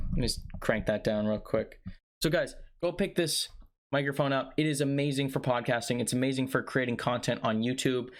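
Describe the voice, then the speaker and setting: A man giving a casual, enthusiastic product review straight into a desk condenser microphone, talking to his viewers. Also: mid-range voice. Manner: enthusiastic, salesy, addresses viewers as guys. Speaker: tech reviewer. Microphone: condenser USB microphone on desk.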